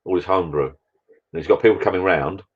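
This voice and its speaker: A man's voice: low-pitched, moderate pace, slightly rough, phone-quality sound. A man rambling through a casual live-stream chat from his garden bar, talking to viewers in a matey way. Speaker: vlogger hosting a live chat.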